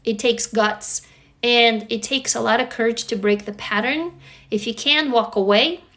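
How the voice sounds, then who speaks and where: A woman's voice: a little high, measured pace, fairly bright tone. A woman in her forties from Russia with a Russian accent, chatting candidly and encouragingly to viewers on a live stream, swearing freely. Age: 40s. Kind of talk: casual live stream chat.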